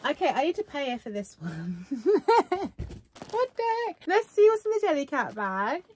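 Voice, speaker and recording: A woman vlogging casually while unboxing gifts, gushing and excitable. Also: high voice, fairly quick, hardly any pauses, background noise. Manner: gushing and excitable, many fillers.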